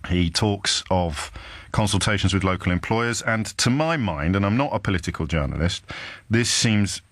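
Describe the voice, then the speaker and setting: A man hosting a live radio talk show, speaking emphatically and sardonically with deliberate pauses, with a trace of a Kidderminster accent. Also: on the low side, expressive, no room sound. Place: radio studio. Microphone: studio microphone.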